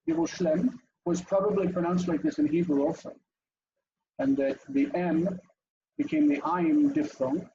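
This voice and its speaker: Man, online teacher, gravelly mellow voice, lively intonation, slightly dull call audio. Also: on the high side, background noise. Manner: animated, asks students in turn, thinks aloud. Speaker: teacher leading an online class. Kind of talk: interactive online language lesson.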